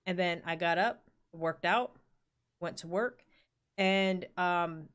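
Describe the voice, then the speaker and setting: A woman's voice: lowish voice, slow, a bit bright, clear, resonant tone. A woman in her forties telling a rambling work story in casual chat, full of fillers and the odd swear word. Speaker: podcast co-host.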